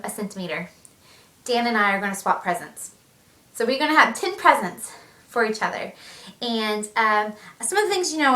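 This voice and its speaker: A young pregnant vlogger chats animatedly in a casual video and laughs often, her fairly high voice sounding pushed and bright. The room is echoey and the mic sits at a distance.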